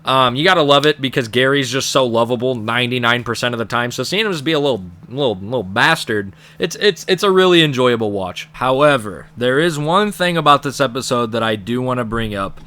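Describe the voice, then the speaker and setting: A man's voice: medium pitch, lively intonation, brisk, hardly any pauses, sharp tone. A young man giving a casual, rambling and profane commentary as he ranks cartoon episodes. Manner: profane, rambling, laughing at jokes. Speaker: episode reviewer.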